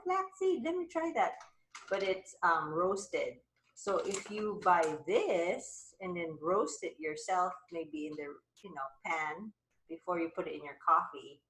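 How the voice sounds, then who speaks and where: A woman's voice: fairly low pitch, fairly bright tone, echoey room, poor audio. A woman hosting a live wellness chat over a video call, talking in a rambling, upbeat way. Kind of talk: casual chat.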